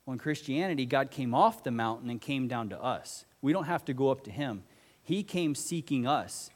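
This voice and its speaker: A man's voice: mid-range voice, lively intonation, moderate pace. Earnest male pastor preaching in a reverberant church. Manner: earnest, conversational preaching with direct questions to the congregation. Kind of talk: sermon.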